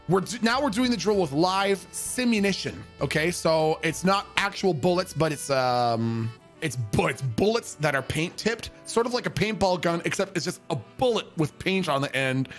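A man telling a story in a casual, profane, rambling way, full of restarts. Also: on the high side.

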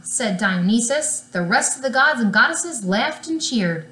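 A woman reading a children's chapter book aloud in an unhurried, lively storytelling manner. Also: a little high, echoey room. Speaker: reader.

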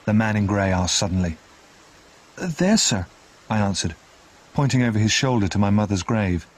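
A man narrating a retold classic novel in an expressive, dramatic reading style. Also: lowish voice, brisk. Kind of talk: scripted storybook narration.

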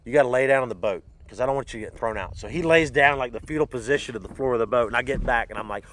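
An American man hosting a podcast, telling a story in a lively way, acting out voices and sound effects. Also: mid-range voice, racing, a little hiss or hum. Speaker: podcast host. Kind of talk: casual storytelling.

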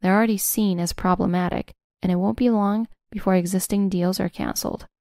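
A woman in scripted first-person narration of a revenge story, smug and measured. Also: medium pitch, steady tone, darkish tone, no echo, clean studio sound.

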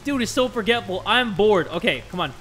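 A young man giving jumpy, joking commentary while playing a horror game at home, with loud outbursts. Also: high-pitched, lively intonation, brisk, low-quality recording. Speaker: gaming YouTuber.

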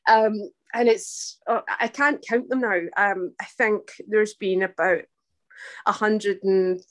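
A woman's voice: medium pitch, fairly even intonation, takes it slowly. A woman voice actress chatting in an interview, rambling and laughing often, poking fun at herself. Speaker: voice actress guest. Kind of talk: casual interview chat.

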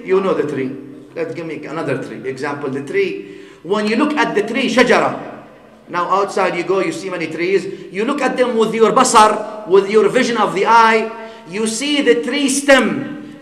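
High-voiced man preaching in an echoey hall. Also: fairly bright tone. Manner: teaching with examples, asks the audience "huh?" often; mixes Arabic words and phrases into English. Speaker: Islamic scholar giving a lecture. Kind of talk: sermon. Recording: echoey hall with long reverb.

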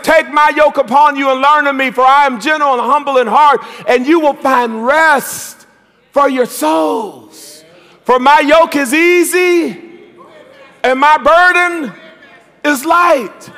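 A male pastor preaching a sermon in a church sanctuary, calling for responses from the congregation and swelling into shouts. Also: very high-pitched, animated, unhurried. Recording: long reverb of a large church hall.

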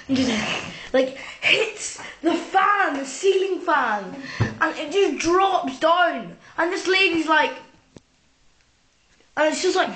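A woman excitedly retelling a film scene, rambling with lots of fillers and sound effects. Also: high voice, measured pace, slight background noise. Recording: echoey room, poor quality.

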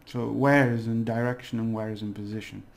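A man's voice: on the low side, level tone, fairly quick, gravelly. A man teaching a casual video lesson, rambling and hesitant, with fillers and small jokes. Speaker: language teacher.

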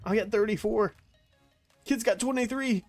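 A man with a fairly high voice narrates his shooter match as it happens, excitable and quick to swear. He trash-talks opponents and teammates alike. Faint music and game gunfire sit underneath. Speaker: gaming YouTuber. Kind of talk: live gameplay commentary.

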